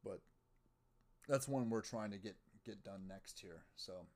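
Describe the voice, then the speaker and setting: A man's voice: fairly low pitch, unhurried, a little mellow. A man hosting his own podcast, rambling casually and profanely, musing aloud and mocking himself. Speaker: podcast host.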